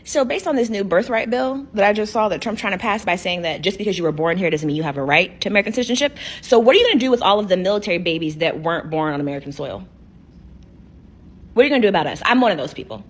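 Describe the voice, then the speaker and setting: A woman's voice: mid-range voice, expressive, very fast, few pauses. A woman in a casual vlog rant, indignant and sarcastic.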